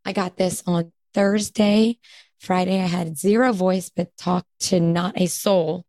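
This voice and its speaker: A woman co-hosting a podcast in casual chat, her voice hoarse, raspy and squeaky from a cold, chatty and quick to laugh. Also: steady tone, darkish tone, dry recording. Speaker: podcast co-host.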